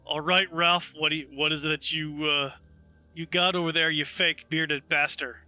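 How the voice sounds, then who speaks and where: A man voicing a huge tattooed male goliath who speaks slowly and with quiet menace. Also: a little high, flat delivery, soft background music. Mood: taunting.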